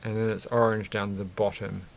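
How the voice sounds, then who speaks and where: Gravelly low-voiced man. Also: flat delivery, normal speed. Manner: rambling, self-interrupting, chuckles often. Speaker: vlogger building Lego sets. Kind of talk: casual chat while building.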